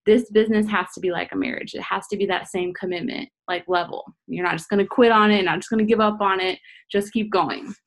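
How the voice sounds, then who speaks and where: A woman's voice: mid-range voice, steady tone, brisk. A young woman leading a group call, giving casual, earnest coaching tips and often repeating herself for emphasis. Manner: earnest, repetitive, addresses listeners as "you guys". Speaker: team leader hosting a business call.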